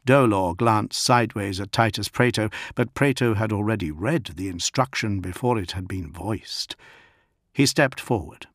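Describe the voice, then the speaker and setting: A man with a lowish voice narrates an audiobook in a steady, even storytelling style at a moderate pace. The studio sound is clean, with no room sound.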